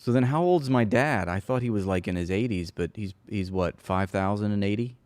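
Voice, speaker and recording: A man's voice: lowish voice, brisk, darkish tone, slight background noise. A man hosting a casual political commentary show, talking in a sarcastic, mocking way and sometimes laughing at his own jokes.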